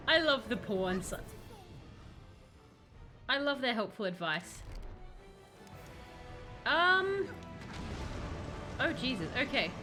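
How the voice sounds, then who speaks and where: A woman streaming a video game, chatting excitedly and talking to the characters on screen. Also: on the high side, drawn-out words, long pauses, soft background music. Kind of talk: live gameplay commentary.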